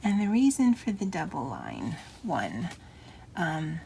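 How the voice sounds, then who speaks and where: A middle-aged woman chatting softly and often half-whispering as she decorates her planner, with a Valley Girl lilt. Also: low-pitched, wildly swooping pitch, slow, vocal fry, slight background noise. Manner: soft, often half-whispered, self-deprecating. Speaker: planner vlogger. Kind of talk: casual crafting chat.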